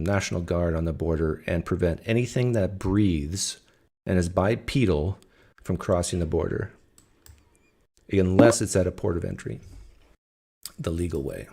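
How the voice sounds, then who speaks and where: A man hosting a casual live question-and-answer stream, teasing and animated with his callers. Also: deep voice, moderate pace. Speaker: livestream host.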